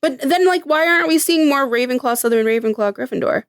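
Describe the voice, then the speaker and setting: Podcast co-host, woman, chatty and thinking aloud, a touch higher voice, dry close sound. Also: fast, no room sound. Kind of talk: casual chat.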